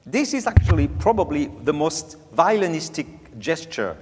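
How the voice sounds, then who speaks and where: Animated man coaching piano. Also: fairly high pitch, normal speed, slightly rough. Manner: animated, sings out phrases, playful. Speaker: piano master class teacher. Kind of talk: master class coaching. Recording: reverberant hall, faint piano.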